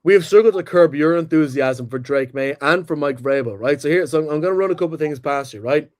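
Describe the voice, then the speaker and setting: Young guy rattling on fast about football on a podcast, kinda high voice, dry mic. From Ireland or UK. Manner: rapid, excitable, swears freely. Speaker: podcast co-host. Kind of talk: casual chat.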